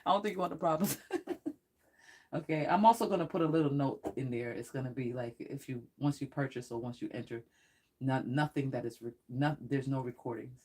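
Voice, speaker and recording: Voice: medium pitch, steady tone, fairly quick, darkish tone, husky. Rambling psychic tarot reader on a live stream. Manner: rambling and talkative, often laughing; blunt and threatening toward trolls. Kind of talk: casual live-stream chat.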